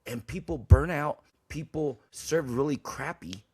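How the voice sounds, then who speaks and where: A man's voice: on the high side, a little slow, a little mellow, breathy edge. A man hosting a podcast in casual talk, blunt and emphatic, preaching his points and swearing freely. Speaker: podcast host.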